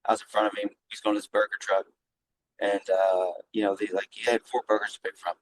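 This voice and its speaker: A middle-aged man with a fairly low voice spins loose, animated stories as an interview guest. He talks casually and swears freely, and a faint hum of noise sits behind him. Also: quick pace, rough recording. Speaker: guest, flooring business owner.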